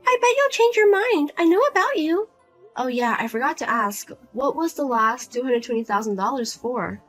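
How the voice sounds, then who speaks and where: A woman's voice: high-pitched, lively intonation, normal speed, fairly bright tone, faint music behind. A woman playing a pushy, self-pitying widowed mother who keeps guilt-tripping her daughter and asking for money, in a narrated drama. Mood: nagging. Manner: nagging, whiny, guilt-tripping.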